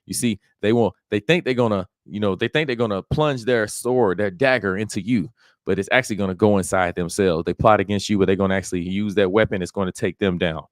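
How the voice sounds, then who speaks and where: A man preaching a casual bible study, explaining scripture in slangy everyday talk and reading verses aloud slowly. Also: on the low side, dry recording, studio quality.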